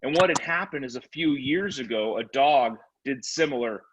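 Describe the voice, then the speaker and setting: A man giving a motivational sales training talk, telling animated stories about his dog. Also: medium pitch, normal speed, breathy edge. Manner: animated, energetic storytelling. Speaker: real estate sales trainer. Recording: slightly muffled recording.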